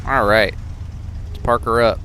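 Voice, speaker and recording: A man's voice: mid-range voice, fairly even intonation, unhurried, bright, forceful tone, slight background noise. A man giving chatty, self-deprecating commentary while streaming a game. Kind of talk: casual gameplay commentary.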